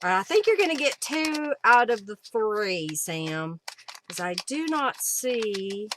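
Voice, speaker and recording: Slow, chatty woman crafting live. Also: mid-range voice, very animated, background noise. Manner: chatty and rambling, thinks aloud while searching. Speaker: host of a live crafting stream. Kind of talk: casual live demo chat. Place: home craft room at a desk.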